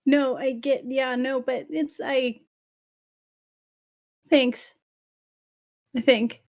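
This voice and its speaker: A woman playing in character in a tabletop game, hesitant and halting, with lots of fillers. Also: high-pitched, steady tone. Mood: awkward. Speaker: player. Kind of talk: tabletop role-play in character.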